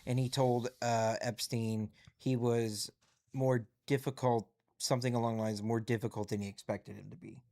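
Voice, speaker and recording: A man's voice: medium pitch, level tone, moderate pace, warm tone. A man hosting a live stream, casually chatting and reading headlines aloud with musing asides.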